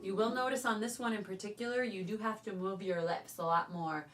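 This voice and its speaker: Voice teacher leading choir warm-ups. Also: female voice, mid-range voice, fairly even intonation, fairly quick. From California. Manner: upbeat coaching, calling out cues between sung drills. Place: teaching studio. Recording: voice from a distance over loud piano. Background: loud piano accompaniment.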